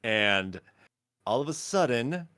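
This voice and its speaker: A man's voice: medium pitch, big pitch swings, slow, pushed and bright, smooth, no echo, clean studio sound. A man running a tabletop game as game master, narrating scenes casually with lots of fillers and laughter. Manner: casual, laughs often, fills with "like".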